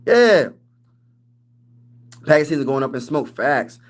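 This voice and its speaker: A man hosting a casual sports livestream, hyped and animated as he reads and answers chat with fan trash talk. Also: a little high, unhurried.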